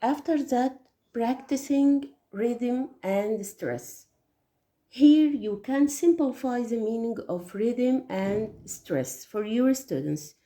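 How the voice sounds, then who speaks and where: Slow, careful Arabic-speaking woman teacher. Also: a little high, dark tone. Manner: slow, careful explaining with hesitations. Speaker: English teacher. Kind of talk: teaching tips, spoken lesson. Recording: echoey room.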